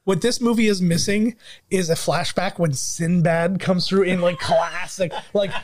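A young man from Canada co-hosting a casual movie commentary, animated and acting out quotes with laughs. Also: high-pitched, a little slow, crowd noise. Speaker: podcast co-host.

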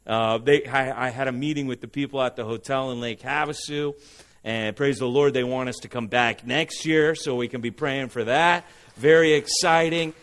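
A man from Southern California, preaching a sermon, animated and asking the congregation for responses. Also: medium pitch, normal speed. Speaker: pastor.

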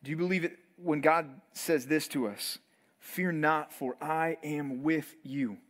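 A man preaching to college students in a fairly high voice. He tells the story in an animated way and slips into playful voices for the people in it. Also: unhurried. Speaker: pastor.

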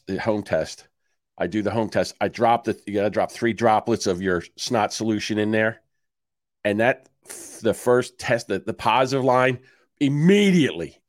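A man's voice: fairly low pitch, dry recording, studio quality. A man in his sixties co-hosting a podcast, telling a story in casual chat, swearing and acting out both sides of his phone calls. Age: 60s. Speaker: podcast co-host.

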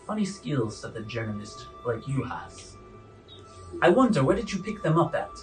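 A man voicing a stern, suspicious female dwarf prison warden, distant from the mic with loud music behind. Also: mid-range voice, very animated, normal speed, natural voice. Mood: menacing. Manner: suspicious, coolly menacing, falsely sweet.

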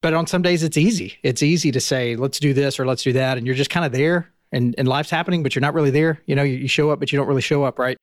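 A man in his thirties hosts a podcast interview and talks at a brisk clip. He reflects aloud in a rambling, conversational way, restarting his sentences, and his voice sounds dry and close with no room echo. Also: medium pitch. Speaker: podcast host.

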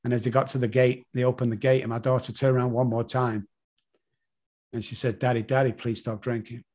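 Guest, middle-aged man, confessional and halting, ordinary mid voice. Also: medium pitch, flat delivery, darkish tone. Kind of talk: personal story in an interview.

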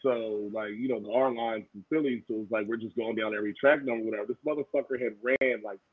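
A man's voice: lowish voice, steady tone, fast, slightly rough, no room sound. A man telling a story in casual chat, boisterous and profane, joking with his friends. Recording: tinny phone-like dry sound.

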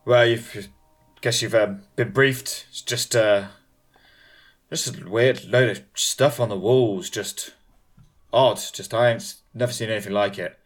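A man voicing a friendly but uneasy male police detective who talks haltingly with many fillers. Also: lowish voice, fairly even intonation. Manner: hesitant, halting, full of fillers.

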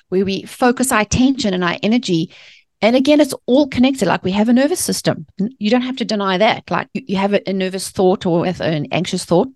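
A woman's voice: fairly low pitch, no echo, studio quality. A woman guest author talking passionately on faith and the mind, ranting at times and acting out voices of the people she quotes. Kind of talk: animated faith-based interview talk.

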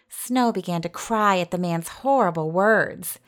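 A woman narrating a fairy tale in a gentle storytelling manner. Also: on the low side, measured pace, few pauses.

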